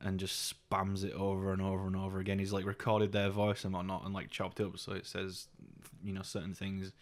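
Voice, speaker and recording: A young man co-hosting a podcast, swearing often and telling stories in a casual, animated way with mocking put-on voices. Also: deep voice, fairly quick. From United Kingdom. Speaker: podcast co-host. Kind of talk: casual chat.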